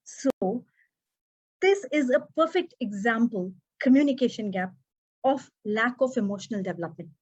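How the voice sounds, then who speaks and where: A woman, giving an expressive prepared speech as an educator and acting out quoted dialogue. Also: a little high, moderate pace, slightly rough. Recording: dull muffled recording.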